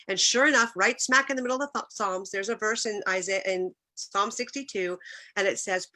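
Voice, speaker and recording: A middle-aged woman speaks with a bright, forward tone in an earnest devotional talk. Her delivery is personal and heartfelt, sometimes emotional, with small restarts as she tells her stories. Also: medium pitch, brisk.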